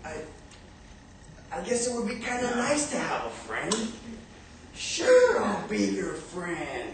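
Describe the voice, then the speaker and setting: A man voicing a sleepy, lonely giant who speaks slowly, softly and hesitantly. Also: high-pitched, huge pitch swings, creaky, a little hiss or hum, heavily acted. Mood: shy. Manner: slow, hesitant, soft-spoken. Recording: echoey room, far from mic, audience.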